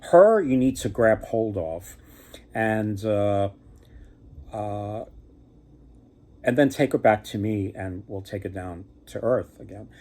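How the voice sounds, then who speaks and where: A man's voice: lowish voice, animated, slow, pauses often, a little mellow. A man voicing a helpful talking male condor in a casual storytelling, matter-of-fact and chatty. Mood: instructive.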